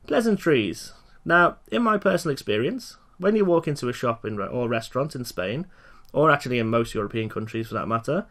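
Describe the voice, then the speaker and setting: A man giving a recorded lecture for learners, slowly and clearly repeating each phrase for them to follow. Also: mid-range voice, fairly bright tone. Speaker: language teacher.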